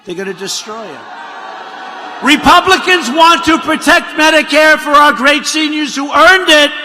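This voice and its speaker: A man holds forth at a political rally in a high, bright, forceful voice that swings widely in pitch. He rambles and mocks, circling back to repeat his own lines. The sound rings with the long reverb of a large venue. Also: unhurried, slight background noise. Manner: rambling, mocking, repetitive asides. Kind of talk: rally speech. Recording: reverberant hall audio.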